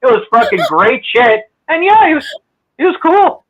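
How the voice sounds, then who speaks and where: A man's voice: very high voice, sing-song, normal speed, fairly bright tone. A man from Canada telling rambling, profane stories in casual chat and acting out other people's lines. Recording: muffled lo-fi audio.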